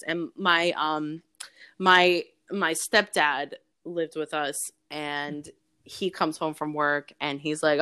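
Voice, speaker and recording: A woman in her forties tells personal stories as an interview guest. Her voice sits a little low, and she talks openly and profanely, with plenty of fillers and laughs. The sound is close and dry, with no room echo. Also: steady tone, slow pace, pushed and bright, smooth. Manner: candid, frank and profane, with frequent laughs and fillers. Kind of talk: casual interview storytelling.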